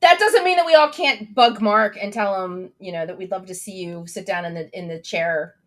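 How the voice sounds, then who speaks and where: A woman's voice: mid-range voice, moderate pace, fairly bright tone. A young adult woman hosting a casual livestream chat, bubbly and enthusiastic as she reads out viewer comments. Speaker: host.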